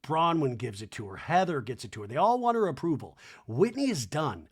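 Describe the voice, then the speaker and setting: A man's voice: a little high, brisk, slightly rough. A man with a stuffy nose hosting a podcast, sarcastically recapping a reality show with lots of swearing. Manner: animated, sarcastic, swears freely. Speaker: podcast host.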